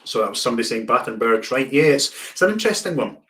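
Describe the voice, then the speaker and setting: A man with a relaxed, chatty manner, hosting an online whisky tasting and often repeating words as he searches for them. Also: mid-range voice, very fast, a little hiss or hum. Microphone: video call.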